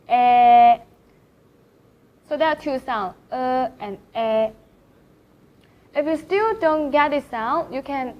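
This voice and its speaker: A woman with a Thai accent gives a pronunciation lesson in a high voice. She talks unhurriedly and draws out each vowel to demonstrate it. The recording sounds slightly muffled. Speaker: Chinese language teacher. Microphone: camera facing the speaker.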